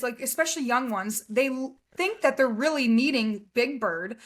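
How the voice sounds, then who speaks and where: A woman's voice: high voice, fairly bright tone. A woman from the United States, a podcast guest chatting casually, bubbly and giggly with lots of fillers. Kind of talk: casual interview chat.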